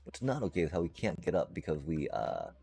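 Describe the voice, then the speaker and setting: With a rumbling low voice that is dark, slightly rough and full of vocal fry, a man livestreams a game and rambles playfully to his viewers, addressing the chat. He speaks a little fast with huge pitch swings, and soft background music is audible.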